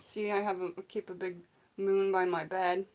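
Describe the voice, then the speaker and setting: A woman's voice: medium pitch, normal speed. Gushing chatty woman vlogger. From Seattle area. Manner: chatty, gushing and excitable, with frequent "um" and "like". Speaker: vlogger opening gifts. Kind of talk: casual unboxing chat to viewers.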